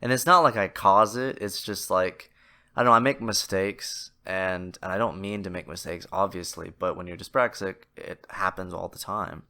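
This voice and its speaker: A man delivers a casual solo podcast monologue, rambling and poking fun at himself with lots of fillers and restarts. His voice is deep and somewhat nasal, with fairly even intonation, normal speed, and a sharp tone.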